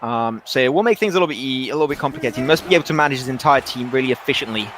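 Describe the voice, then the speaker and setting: A man's voice: medium pitch, animated, very fast, crowd noise. A man doing rambling, self-correcting play-by-play commentary on an esports match.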